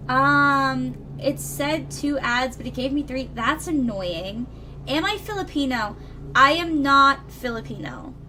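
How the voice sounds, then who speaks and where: A woman's voice: sits high, pushed and bright. A young woman live-streaming tarot readings, rambling casually to her viewers with lots of fillers. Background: lawn mower noise outside.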